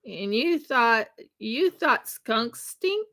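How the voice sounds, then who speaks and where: A woman's voice: medium pitch, slow pace, creaky, a bit bright. A woman chatting casually and rambling on a live stream while she crafts. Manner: chatty and rambling, with laughs and fillers.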